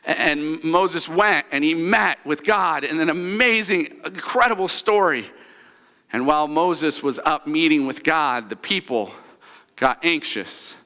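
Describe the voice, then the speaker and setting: A man's voice: a little high, pushed and bright, clear, resonant tone. A man preaching a sermon as pastor, telling the story with humor and leading the congregation through a spoken recap. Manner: storytelling, leads congregation in call-and-response recaps. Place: church sanctuary. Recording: church hall reverb.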